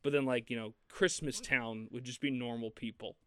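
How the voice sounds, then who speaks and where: A man co-hosting a film podcast in casual chat, animated and laughing often as he talks. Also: mid-range voice, normal speed, clear, resonant tone, no room sound. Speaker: podcast co-host.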